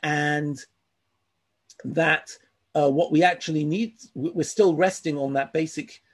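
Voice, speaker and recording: A man's voice: on the high side, fairly even intonation, unhurried. A man teaching a class, reading passages aloud and adding earnest, emphatic asides of his own. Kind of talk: class lecture reading from a text.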